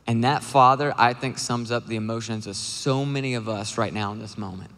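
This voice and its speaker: A man's voice: mid-range voice, fairly even intonation, a bit bright. Earnest male pastor in a reverberant hall. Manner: conversational, earnest, with frequent fillers and quick asides. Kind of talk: sermon.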